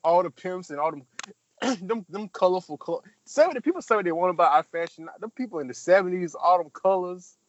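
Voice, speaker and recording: A man rambling through a film recap in loose, profane casual chat and slipping into voices for the characters. His voice sits a bit high and comes through a dull, lo-fi recording. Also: expressive, fairly quick, a little hiss or hum.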